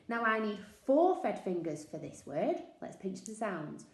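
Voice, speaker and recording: A woman teacher with a Northern English accent, slowly sounding out words for young children in a sing-song, encouraging way. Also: medium pitch, expressive. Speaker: early years teacher. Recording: echoey room.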